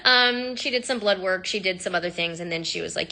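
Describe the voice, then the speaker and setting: Woman with a bright voice talking candidly about her past, animated, lots of ums and likes. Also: fairly low pitch, brisk. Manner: candid and animated, with fillers and laughs. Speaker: sound healer telling her story. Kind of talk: personal storytelling to camera.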